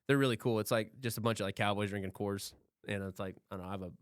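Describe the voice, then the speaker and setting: A man's voice: on the low side, steady tone, rapid-fire, clear, resonant tone, no echo, studio quality. A young man co-hosting a podcast, telling stories in a laid-back, profane, casual way. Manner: laid-back, swears freely. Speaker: podcast co-host.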